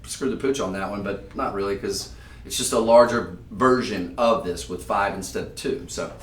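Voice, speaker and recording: A man hosting a live-stream jewelry sale, talking to viewers in a chatty, emphatic sales pitch. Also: moderate pace, echoey room, recorded from a distance. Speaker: shopping channel host.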